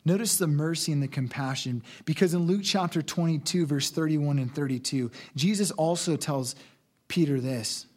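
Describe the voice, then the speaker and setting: A pastor preaches a sermon in a somewhat high, slightly mellow male voice at a normal pace. He is earnest and exhorting, shifting between reading scripture aloud and urging his listeners on.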